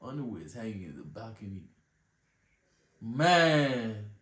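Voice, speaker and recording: A man's voice: on the low side, big pitch swings, a little slow, a bit bright, reverberant. A man reacting casually to a comedy clip with slang-heavy asides. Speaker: reaction video host.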